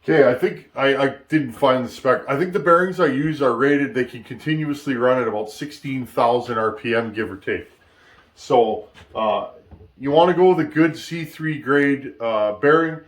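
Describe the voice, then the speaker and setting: A man at middle pitch explaining a build in a casual workshop tutorial. He thinks aloud, stumbles and restarts, and keeps asking "okay?" as he goes. He is picked up by a camera mic in the shop. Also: normal speed. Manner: thinks aloud, restarts often, many "okay?" check-ins. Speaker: chainsaw builder and channel host.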